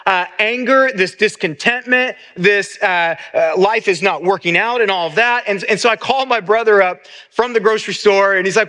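A man's voice: high-pitched, normal speed, sharp tone. A middle-aged man, a pastor, preaching a sermon in an earnest way, often repeating words as he restarts.

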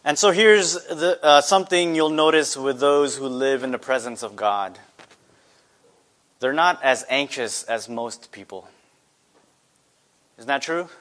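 A man's voice: medium pitch, unhurried, pauses often, fairly bright tone. A man preaching a sermon earnestly, asking his listeners rhetorical questions. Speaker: pastor.

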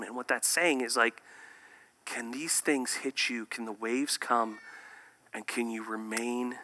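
A man preaching a sermon, swinging between loud emphatic bursts and hushed, near-whispered lines. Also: mid-range voice, slight background noise. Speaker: pastor.

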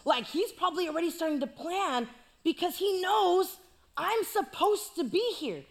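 A woman's voice: extremely high pitch, expressive, normal speed. A woman preaching a sermon, telling the story playfully with jokes and asides.

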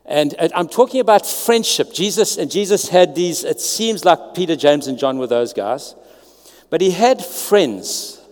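A man's voice: on the high side, in a large hall. A man preaching a sermon to his church, earnest and conversational, restarting phrases as he goes. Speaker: pastor.

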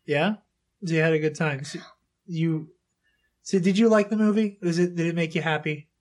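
In a low-pitched, somewhat mellow voice at a moderate pace, a podcast host interviews a child guest. Her casual conversation is chatty, with frequent laughter and sentences she starts over.

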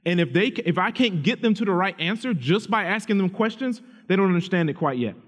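A man in his thirties preaches with a fairly high voice, speaking earnestly and conversationally to his congregation. His words ring out with a long reverb, as in a church sanctuary. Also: animated, brisk. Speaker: pastor. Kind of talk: sermon on parenting.

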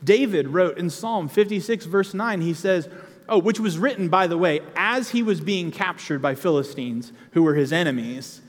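A man delivers a sermon in a chatty, personal way, now and then breaking into emphatic bursts. His voice sits high for a man. The sound carries the long reverb of a large hall. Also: normal speed. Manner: conversational preaching with emphatic outbursts. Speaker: preacher.

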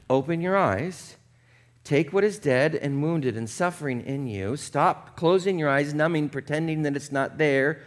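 A man preaching a conversational sermon, casual and chatty, often checking in with the congregation and dropping low and quiet for earnest points. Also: measured pace. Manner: casual and chatty, with frequent "like" and "right?". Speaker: pastor.

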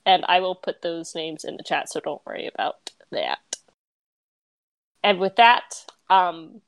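A woman's voice: lowish voice, measured pace, dry recording. Chatty woman narrating a tabletop game. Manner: lively, chatty, with laughs and fillers. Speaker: game master.

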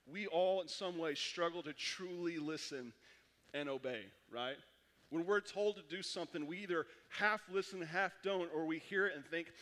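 High-voiced pastor preaching in a reverberant sanctuary. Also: male voice. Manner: animated storytelling with quick restarts. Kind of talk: sermon. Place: church sanctuary. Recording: long hall reverb.

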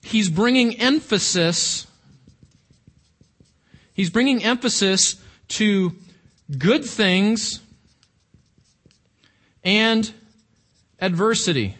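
A man with a high voice delivers a sermon. He talks to his listeners casually but with emphasis, often asking them questions. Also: animated, very slow, long pauses, a bit bright. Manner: conversational, emphatic with rhetorical questions. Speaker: preacher.

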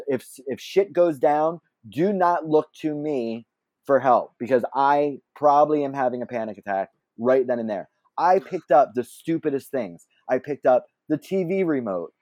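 Warm, chatty man telling a story. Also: medium pitch, lively intonation, moderate pace, no echo, lo-fi sound. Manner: chatty and self-deprecating, laughs often, many fillers and asides. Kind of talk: casual anecdotal storytelling.

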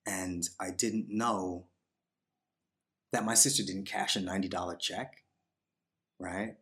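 A man who is a podcast guest, telling a personal story in a reflective, unhurried way, with fillers and voiced quotes. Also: deep voice, fairly even intonation, a bit bright.

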